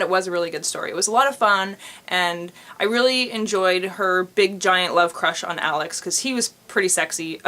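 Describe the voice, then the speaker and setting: A woman from North America talks to camera in a casual book review. Her voice sits at an ordinary middle pitch, and she is chatty and expressive, dropping in frequent ums as she goes. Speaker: book vlogger.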